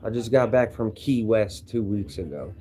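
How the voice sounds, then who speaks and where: Young man with a Kentucky accent, lowish mellow voice, brash profane streamer reacting to chat. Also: animated, normal speed. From Louisville, Kentucky. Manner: brash, profane trash talk. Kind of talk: livestream chat answering viewers' comments.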